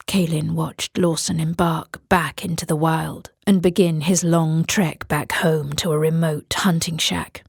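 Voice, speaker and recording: A woman narrating a horror audiobook in a measured way. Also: low voice, steady tone, creaky, husky, no echo, studio quality.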